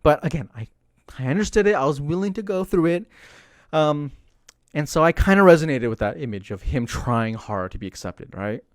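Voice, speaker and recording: A young man chatting casually on a livestream, rambling with lots of fillers and animated asides. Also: a little high, a little fast, no echo, clean studio sound. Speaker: streamer commenting on politics.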